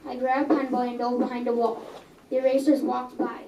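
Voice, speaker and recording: Young girl reading her story aloud, high voice, stumbles here and there, sounds far from the mic. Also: little pitch movement, fairly quick, muffled recording, a little hiss or hum. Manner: earnest, with small stumbles and self-corrections. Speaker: reader. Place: coffee house. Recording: echoey room, mic at a distance.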